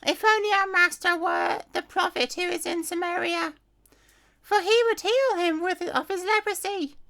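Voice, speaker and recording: Eager young servant girl for a Bible reading, high, sing-song as a woman puts her on. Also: moderate pace, pushed and bright, exaggerated voice. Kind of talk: Bible reading with put-on voices.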